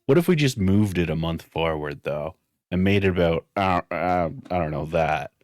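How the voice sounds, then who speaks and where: A man's voice: low voice, lively intonation, normal speed, darkish tone, no room sound, studio quality. A man co-hosting a livestream, chatting casually in a wry, hesitant way with stammered restarts. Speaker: co-host on the stream.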